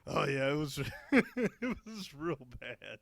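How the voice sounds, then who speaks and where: A man's voice: fairly high pitch, sing-song, takes it slowly, gravelly, no room sound, clean studio sound. A young man co-hosting a podcast, casually telling a work anecdote with lots of swearing and laughter. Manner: laid-back, profane, laughing through anecdotes. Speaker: podcast co-host. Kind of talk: casual storytelling chat.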